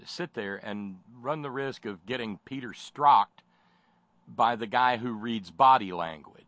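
A man's voice: medium pitch, a bit bright, no room sound. A man giving sardonic spoken commentary, mocking and rambling with many fillers and false starts.

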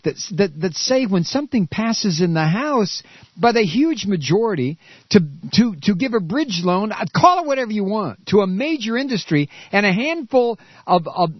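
Furious stammering radio host. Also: male voice, sits high, slightly rough, no echo, highs cut off. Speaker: radio talk show host. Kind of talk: angry political rant.

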